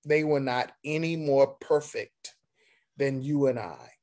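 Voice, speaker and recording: A man, a pastor, teaching a Sunday school Bible lesson, reading scripture aloud and explaining it in a deliberate, halting way with pauses and restarts. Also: medium pitch, darkish tone.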